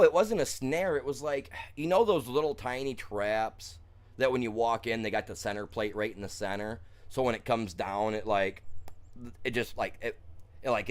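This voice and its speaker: Blunt, low-voiced man ranting on stream. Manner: rambling, heated storytelling with many restarts and fillers; blunt, colloquial, confrontational. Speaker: game streamer. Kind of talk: casual chat while streaming a game.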